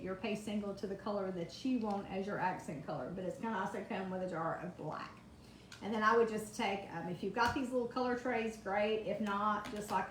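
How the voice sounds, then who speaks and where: A woman's voice: mid-range voice, slight background noise. A woman chatting through a live craft demonstration, greeting viewers by name from her home kitchen. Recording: echoey kitchen, faint ambience.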